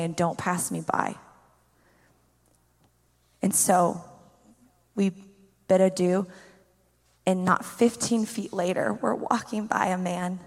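Animated woman pastor telling a story, reverberant. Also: fairly low pitch. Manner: animated storyteller, heavy use of "like". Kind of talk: telling a personal faith story.

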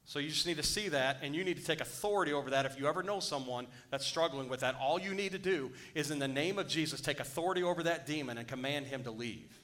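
Fast and nearly pauseless, this man's voice runs on the high side with a fairly bright tone. A pastor mid-sermon, he reads scripture and breaks away to press his listeners with mounting urgency.

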